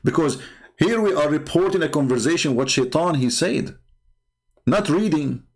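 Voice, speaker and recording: A man talks into a desk mic on a livestream, his voice rough and gravelly. He argues with himself, throws out rhetorical questions and stumbles through fillers as he searches for words. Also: fairly high pitch, lively intonation, moderate pace. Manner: argumentative, repeats rhetorical questions, frequent filler. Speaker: online show host. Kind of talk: livestream commentary on religious texts.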